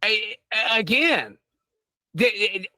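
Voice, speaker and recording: A man's voice: high voice, lively intonation, slow pace, pushed and bright, dry recording. A man on a radio show ranting angrily about a custody fight, profane and stammering. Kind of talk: heated talk radio rant.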